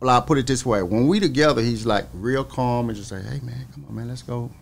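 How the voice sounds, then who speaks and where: A male singer, a guest in an interview, telling a lively story and laughing often as he talks. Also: mid-range voice, fairly quick, gravelly, a little hiss or hum.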